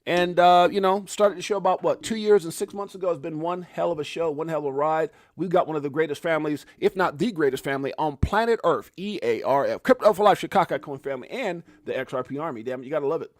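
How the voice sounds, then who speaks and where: A middle-aged man hosts a live crypto market show in a loose, joking way, swearing casually and greeting viewers by name. His voice sits a touch high for a man. The sound is dry and close, with no room around it. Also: quick pace, hardly any pauses, dry recording. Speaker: crypto livestream host.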